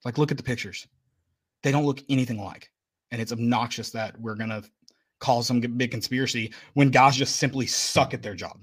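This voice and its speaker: A man's voice: mid-range voice, fairly even intonation, fairly quick, fairly bright tone, husky. A man co-hosting a casual sports podcast, venting bluntly and with emphasis about a loss. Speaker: podcast co-host.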